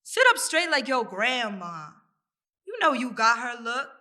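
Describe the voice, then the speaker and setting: A woman performs her spoken-word poem in a high, very bright and sharp voice. She takes it slowly and deliberately, leaning on rhythm and repetition. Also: sing-song. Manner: rhythmic, deliberate, repeating phrases. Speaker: poet.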